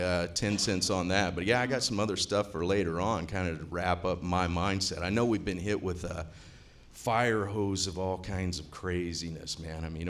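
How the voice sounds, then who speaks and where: A man's voice: low-pitched, fairly bright tone. A man, talking casually and profanely to a live seminar audience, rambling and joking as he goes. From US Midwest. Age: 50s. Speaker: seminar attendee speaking.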